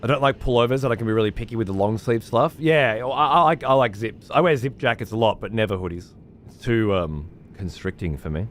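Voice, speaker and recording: A man's voice: on the low side, fairly quick, slight background noise. A man, chatting casually on a live stream as he reads out viewer messages, laid-back and swearing freely. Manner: laid-back, swears freely, uses slang like mate and cunt. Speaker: streamer reading chat.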